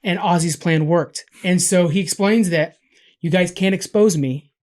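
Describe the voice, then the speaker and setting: Casual male podcast host, chatty recap, filler-heavy and excitable. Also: sits high, unhurried. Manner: rambling recap with many fillers and restarts; excited, gushing. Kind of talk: casual chat.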